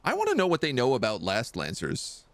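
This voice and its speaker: A man's voice: medium pitch, huge pitch swings, fairly quick, dry recording. A man streaming a video game, chatting casually and reading the game's text aloud.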